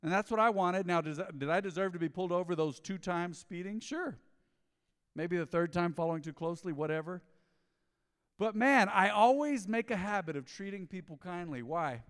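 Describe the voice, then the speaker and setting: A man preaching a sermon as pastor, telling a story in a lively way and acting out the dialogue. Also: sits high, moderate pace, clear, resonant tone. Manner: storytelling, animated, acts out dialogue. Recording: long hall reverb.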